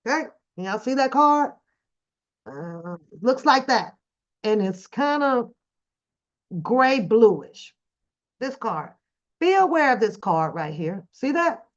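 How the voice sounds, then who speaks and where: A middle-aged woman vlogging, telling a story casually to her viewers, animated and swearing freely. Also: fairly high pitch, takes it slowly, long pauses. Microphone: phone camera. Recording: dull lo-fi recording.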